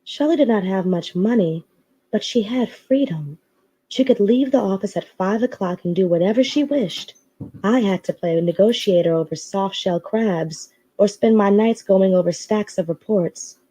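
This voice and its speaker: A woman reading a novel aloud with a mellow, dark tone and a middling pitch. Her telling is expressive and steady, with her own asides slipped in. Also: moderate pace, breathy edge. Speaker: story reader.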